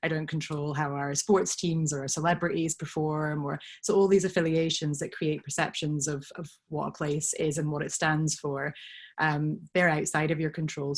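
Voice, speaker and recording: A woman with a slightly mixed Scottish accent, giving thoughtful, measured answers as an interview guest over a video call. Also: sits low. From Scotland. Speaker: guest, brand director.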